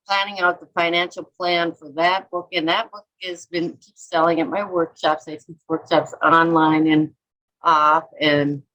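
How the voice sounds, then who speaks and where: A woman's voice: low voice, a bit bright, poor audio. A middle-aged woman from Minnesota, an artist and author telling rambling stories in a casual interview and acting out quotes. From Minnesota, USA. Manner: rambling, chatty, acts out quotes and self-talk.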